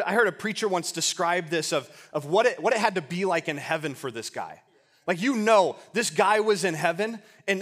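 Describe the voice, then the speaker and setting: A young man preaching a casual sermon to a youth group, often stumbling and repeating words, with relaxed slang. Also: high-pitched. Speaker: youth pastor.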